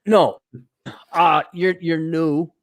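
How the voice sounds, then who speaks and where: American guy hosting a stream, cussing and ribbing his buddy, kinda high voice. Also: fairly even intonation, extremely slow. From United States. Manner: sarcastic, teasing banter; brash, swears freely. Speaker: livestream host reading donations. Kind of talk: casual chat.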